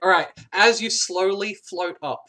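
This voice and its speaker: A man narrating a tabletop game as game master, halting often with fillers and restarts. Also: high-pitched, pushed and bright, slight background noise.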